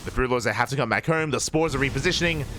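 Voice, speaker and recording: A man casting a live strategy game match, calm in his play-by-play and bursting with excitement when the fights break out. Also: medium pitch, rapid-fire, background noise. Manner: excitable, rising sharply in big moments. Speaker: esports caster.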